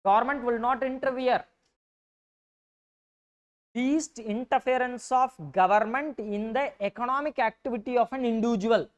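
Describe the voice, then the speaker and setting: A woman's voice: on the high side, moderate pace. A woman with a Tamil-influenced Indian English accent giving a classroom economics lecture. She dictates notes, repeats key points, and keeps asking whether the students are following. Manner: dictates notes, then explains. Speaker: economics teacher.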